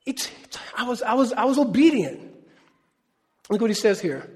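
A man with a very high-pitched voice preaches a sermon to a congregation, keeping it conversational and throwing questions back at the room. His voice carries a long reverb from the large church hall. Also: moderate pace. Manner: lively conversational preaching, asks the crowd questions. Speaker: pastor.

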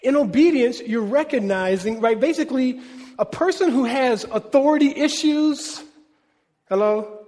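A man with a very high-pitched voice preaches a sermon to a congregation, keeping it conversational and throwing questions back at the room. His voice carries a long reverb from the large church hall. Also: measured pace. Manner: lively conversational preaching, asks the crowd questions. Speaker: pastor.

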